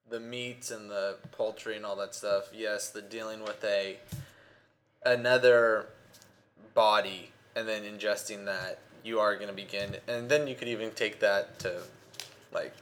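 A man's voice: lowish voice, fairly bright tone. A man co-hosting a casual talk show, easygoing and joking, hedging his points with filler words. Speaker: podcast co-host. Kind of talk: casual chat.

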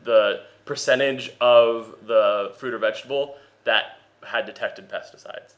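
A man's voice: medium pitch, fairly even intonation, a little slow, a bit bright. A man co-hosting a casual talk show, eagerly listing facts and often restarting his sentences. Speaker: podcast co-host. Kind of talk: casual chat.

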